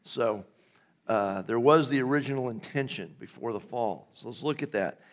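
A man delivers a church sermon in an easy, conversational way. His voice sits at a medium pitch. He keeps things light, with asides and playful impressions of the lines he quotes. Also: moderate pace. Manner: conversational, jokey, acts out God's lines in a casual voice. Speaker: pastor.

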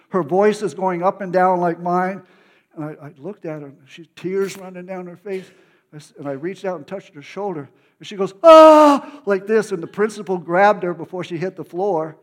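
A man preaching, telling a story of his own testimony in an emotional, animated way with many restarts. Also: high-pitched.

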